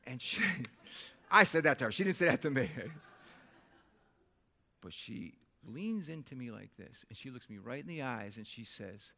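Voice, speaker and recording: A male pastor preaching a sermon, swinging from hushed tones to loud bursts and calling out for amens. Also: mid-range voice, wildly swooping pitch, normal speed, vocal fry. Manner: calls for amens from the crowd.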